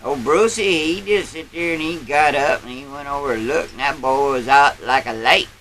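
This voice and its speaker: In a rough recording with slight background noise, a man with a slightly high, fairly bright, fairly ordinary voice plays a boastful old country grandpa. At a moderate pace and in a folksy drawl, he tells a rambling tall tale as a character storyteller.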